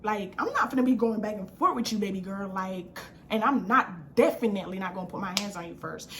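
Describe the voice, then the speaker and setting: A young adult woman vlogger telling a storytime in a casual, slangy, animated way, acting out what people said. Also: medium pitch, brisk, noisy background. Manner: animated, slangy, acts out quotes.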